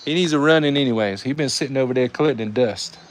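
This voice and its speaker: A man with a Southern US accent calling live die-cast car races, excitable and saying y'all, reading out times as each heat ends. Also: medium pitch, fast talker, a little hiss or hum. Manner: excitable, calls out race times, says y'all. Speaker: die-cast race host and commentator. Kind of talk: live race commentary.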